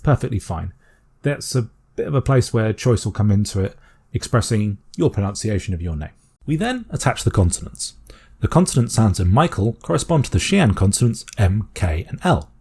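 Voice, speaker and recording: A British man explaining a constructed language step by step in a calm, methodical tutorial voice. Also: fairly low pitch, moderate pace, slightly rough. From Britain. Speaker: language teacher.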